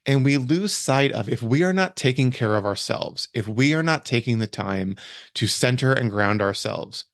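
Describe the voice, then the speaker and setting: A man's voice: mid-range voice, expressive, normal speed, dry recording, studio quality. A man hosting a podcast interview, speaking passionately and emphatically, often repeating himself for weight. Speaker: podcast host, event planner. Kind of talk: conversational interview.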